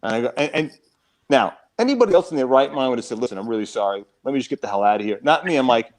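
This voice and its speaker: A man, a comedy club owner, telling a lively story in casual chat and acting out the other voices. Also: medium pitch, rapid-fire, poor audio. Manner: animated, acts out quoted voices.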